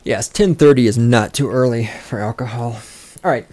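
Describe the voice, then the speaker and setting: A man's voice: mid-range voice, moderate pace, darkish tone, dry recording. A man hosting a podcast, ranting in a rambling, profane, sarcastic way and getting sidetracked easily. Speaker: podcast host. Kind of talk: rambling casual rant.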